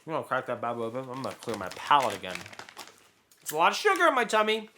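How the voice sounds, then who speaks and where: A man co-hosting a podcast, chatting casually while tasting snacks, rambling and joking with loud bursts of laughter. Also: medium pitch, huge pitch swings, fast talker, noisy background. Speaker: podcast co-host.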